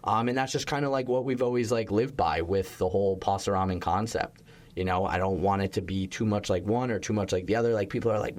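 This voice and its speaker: A young man with a fairly low voice talks shop as a chef, loose and animated. He fills his sentences with "like" and lets a curse word slip now and then. The tone is relaxed interview chat. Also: brisk. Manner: animated storytelling, heavy use of "like", occasional swearing. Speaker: chef and restaurateur guest.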